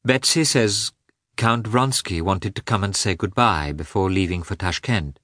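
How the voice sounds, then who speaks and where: A man reading aloud and voicing a troubled young noblewoman who speaks in a hurried, excited way. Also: sits low, no echo, studio quality. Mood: hurried, uneasy. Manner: hurried, tense.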